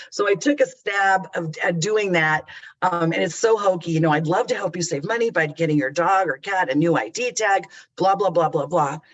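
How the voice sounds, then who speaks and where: A man's voice: high voice, poor audio. A middle-aged man giving a customer service training webinar in a chatty, candid, conversational way over a computer mic. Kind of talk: webinar presentation.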